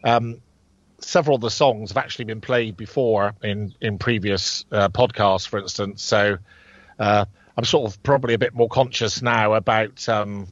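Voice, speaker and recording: A man's voice: on the low side, steady tone, moderate pace, no echo, highs cut off. A man chatting casually as co-host, hesitant, with many fillers and restarts. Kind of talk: casual chat.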